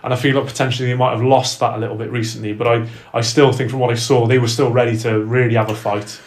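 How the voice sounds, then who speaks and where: A man's voice: mid-range voice, level tone, fast. Chatty man in a roomy room. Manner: chatty, self-correcting, laughs easily. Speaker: podcast co-host. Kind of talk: casual football chat. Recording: roomy echo.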